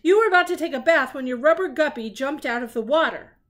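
A woman's voice: sits high, animated, fast talker, a bit bright, pitched above the performer's own voice. An older woman voicing a bumbling, pompous male detective puppet in a storybook read-aloud, making grand, self-assured pronouncements.

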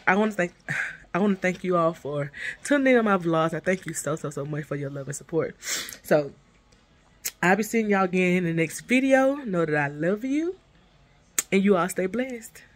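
A woman's voice: on the low side, lively intonation, brisk. A woman filming a casual home vlog with a stuffy nose, talking straight to her viewers and calling them y'all while she shows her living room. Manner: chatty, addresses viewers as y'all, repeats herself. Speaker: vlogger.

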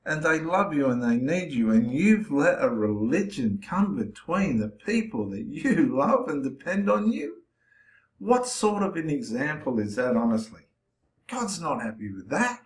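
A man's voice: fairly high pitch, big pitch swings, a little slow. A man preaching with passion to the camera, confronting and challenging his listeners directly. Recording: roomy echo.

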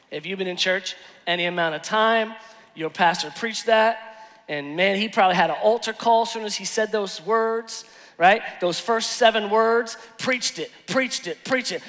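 A man preaching a sermon as pastor, telling stories with animated swings from hushed asides to shouted lines. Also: sits high, moderate pace. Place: large church hall. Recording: long hall reverb.

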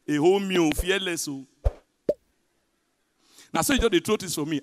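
A man with a Nigerian accent performing a stand-up comedy set in pidgin, telling stories with big swings between loud punchlines and hushed asides. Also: high voice, lively intonation, a little fast, long pauses, background noise. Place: large hotel event hall. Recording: live hall reverb.

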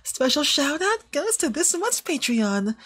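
Woman, ASMR creator, casual outro chat, bubbly, high-pitched, lively. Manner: bubbly, rapid-fire sign-off.

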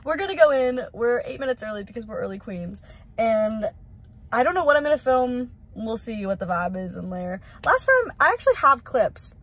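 Young woman rambling in a vlog, lots of "like", slightly high voice. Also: very animated, normal speed, a bit bright, rough recording. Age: young adult. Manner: rambling, filler-heavy, giggly. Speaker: vlogger. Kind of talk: casual vlog chat.

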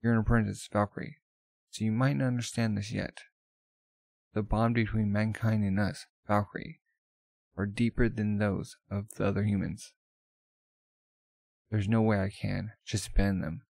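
A man voicing a proud, cunning Valkyrie elder sister who speaks calmly and mockingly in a manga read-aloud. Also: lowish voice, normal speed, creaky, pauses often, no room sound. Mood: earnest.

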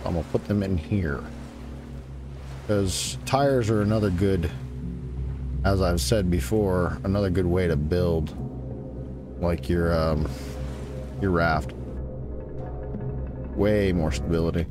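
A man's voice: deep voice, takes it slowly, pauses often, over music. A man giving casual live commentary as he plays a survival game, chatting along and teasing the creatures on screen. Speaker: gaming streamer.

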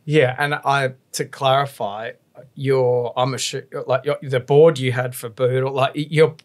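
A man's voice: medium pitch, steady tone. Casual male podcast host. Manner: casual, swears freely, quick follow-up questions.

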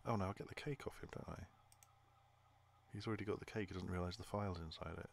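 A man's voice: deep voice, steady tone, fast, gravelly, slight background noise. A man thinking aloud while playing a game, hesitant and muttering to himself. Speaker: gamer. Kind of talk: playthrough commentary.

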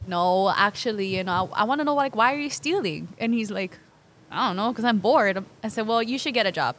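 This is a woman from Hawaii, a podcast guest who tells her stories in a relaxed, conversational way. She keeps a middle pitch, and she acts out the people in her stories and often breaks into laughter. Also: fairly quick. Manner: animated, acts out dialogue with frequent laughter. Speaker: guest, local business owner. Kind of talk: conversational storytelling.

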